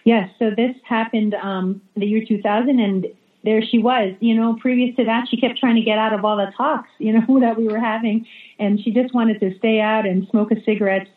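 A woman's voice: on the high side, fairly even intonation, moderate pace. A woman who is a religious sister, a guest in a remote interview, telling a story with many fillers and restarts. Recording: echoey, phone-like remote call audio.

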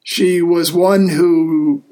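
A man hosting a casual talk show as a deacon, speaking in an earnest, easygoing way with frequent pauses. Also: fairly high pitch, fairly even intonation, mellow. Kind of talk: casual radio show chat.

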